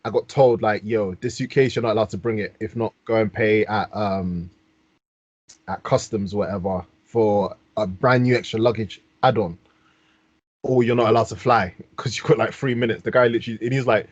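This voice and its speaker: Telling casual stories packed with slang, a podcast host from London, England, speaks with a London accent in a lowish voice, at normal speed with fairly even intonation. The recording is dry, from a dull, dry podcast mic.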